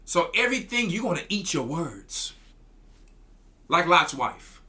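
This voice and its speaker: A man's voice: fairly high pitch, big pitch swings, measured pace, pushed and bright. A man, a church elder, preaching commentary in a scolding tone, often stumbling and repeating his words.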